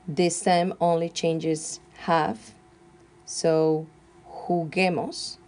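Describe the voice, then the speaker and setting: A woman teaching Spanish grammar, slowly and carefully dictating verb forms one at a time. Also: on the low side, a little mellow. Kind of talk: classroom grammar lesson.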